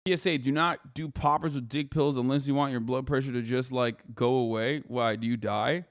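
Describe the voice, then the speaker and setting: A man's voice: medium pitch, steady tone, normal speed, dry recording, studio quality. A man hosting a live stream, joking crudely and rambling in casual chat. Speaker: streamer host.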